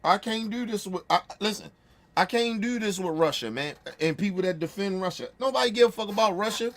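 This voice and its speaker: A man's voice: a little fast, a little hiss or hum. A streamer host, ranting in profane, confrontational bursts, repeating himself as he reacts to news clips. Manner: calms to low wrap-up at the end. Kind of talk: heated reaction rant.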